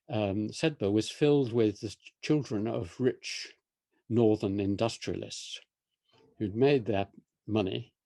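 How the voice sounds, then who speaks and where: Older English academic interviewee, lowish voice, dry video-call audio, thoughtful and halting. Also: male voice, gravelly, mellow, no echo. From England. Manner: measured, pausing, with restarts and filler words. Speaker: interviewee, historian. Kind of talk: thoughtful conversational explanation.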